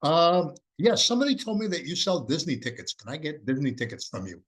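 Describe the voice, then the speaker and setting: A man's voice: fairly high pitch, sing-song, fairly quick. A man presenting an AI business course in a casual, rambling, folksy way, full of fillers and restarts.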